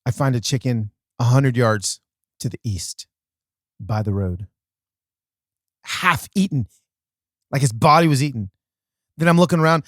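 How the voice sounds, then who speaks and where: A man hosting a podcast, telling a casual story in an animated way with comic exaggeration and self-mocking asides. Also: medium pitch, unhurried, pauses often, no room sound, clean studio sound. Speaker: podcast host.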